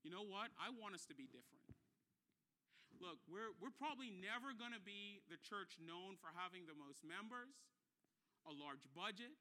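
A man preaching a sermon as pastor, moving between soft, personal asides and loud, fervent climaxes, repeating key phrases for emphasis. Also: sits high. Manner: swings from quiet and intimate to loud, impassioned preaching.

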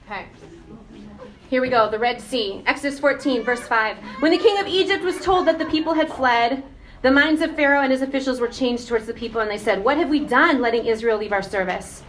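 A woman giving a casual, animated sermon, often asking the congregation questions. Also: high-pitched, fairly quick, a little hiss or hum. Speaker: preacher.

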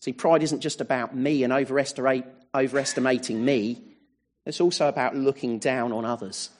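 A man's voice: mid-range voice, steady tone, a little fast, slight background noise. A man preaching a sermon, working through a psalm verse by verse and often adding rhetorical tag questions. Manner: expository, walking through verses.

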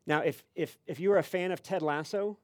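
A man's voice: on the high side, a little fast, dry recording, studio quality. A male pastor preaching a conversational sermon, telling a story with lots of fillers and restarts. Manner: animated storytelling with many fillers.

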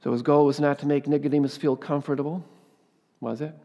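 A man's voice: a little high, steady tone, fairly quick, muffled recording. Fervent male pastor in a reverberant hall. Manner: earnest preaching that swells to loud, fervent emphasis and drops to quiet asides; rhetorical tag questions and repeated exclamations. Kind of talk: sermon.

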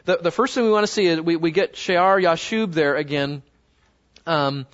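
A man with a fairly high voice leads a Bible study in front of a live group. He talks in a loose, conversational way, keeps asking the class questions, and slows right down when he reads scripture aloud. The recording sounds dull and lo-fi. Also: fairly bright tone. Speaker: Bible teacher.

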